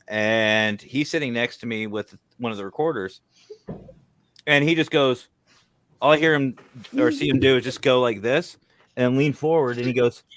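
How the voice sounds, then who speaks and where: A man telling a comic paranormal investigation story in a casual chat, laughing along. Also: medium pitch. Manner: animated, laughing anecdotes.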